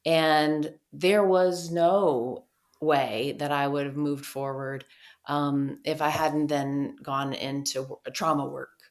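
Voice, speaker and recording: A woman guest on a podcast, a clinical officer at a treatment center, telling lively stories and acting out quoted dialogue. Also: low-pitched, slow pace. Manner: lively storyteller who acts out quoted dialogue. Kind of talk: podcast conversation, storytelling.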